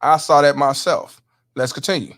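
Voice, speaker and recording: A man's voice: a little high, normal speed, fairly bright tone. A man hosting a stream, casually explaining and reacting to clips for viewers with plenty of profanity. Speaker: host.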